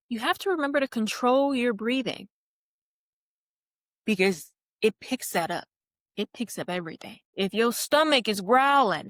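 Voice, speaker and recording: Young woman podcasting solo, upbeat and encouraging, a bit high, dry close sound. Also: no room sound. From California. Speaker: podcast host. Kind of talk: casual solo podcast talk.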